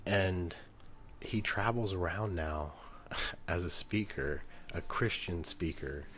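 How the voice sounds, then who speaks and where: A man's voice: low-pitched, takes it slowly, fairly bright tone, slight background noise. A man co-hosting a faith podcast, earnestly retelling someone else's story at length in casual chat. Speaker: podcast co-host.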